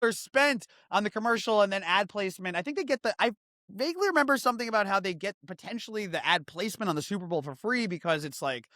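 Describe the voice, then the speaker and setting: A man hosting a comedic news podcast, sarcastic and animated, switching between loud outbursts and quick offhand asides. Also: sits high, no echo, studio quality. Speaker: podcast host.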